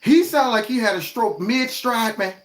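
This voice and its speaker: A man hosting his own show, reacting to clips in a lively, mocking, slangy way. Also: very high voice, normal speed. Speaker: show host. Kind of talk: reaction commentary on video clips.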